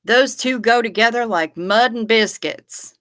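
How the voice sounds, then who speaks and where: Slow-talking, bright-voiced woman. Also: on the high side. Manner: chatty, profane, joking. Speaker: live stream host reading chat. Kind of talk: casual chat.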